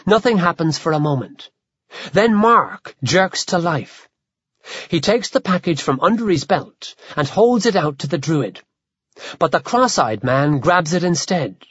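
A man narrating an audiobook in a vivid, measured storytelling manner. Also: on the high side, very animated, a bit bright, husky, dry recording. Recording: dull, dry lo-fi.

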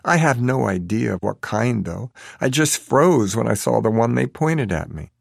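A man's voice: medium pitch, animated, normal speed, creaky, slightly rough, dry recording, clean studio sound, pitched above the performer's own voice, full character voice. A man voicing a scheming, snobbish woman con artist who talks in a falsely meek, prim way.

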